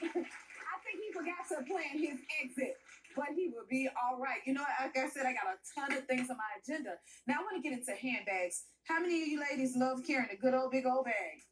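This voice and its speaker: A man's voice: very high-pitched, a little fast, fairly bright tone, far from the mic, a little hiss or hum, poor audio. A man playing a sassy, chatty woman talk-show host who keeps talking straight to her audience in a folksy way. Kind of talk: comedic character monologue.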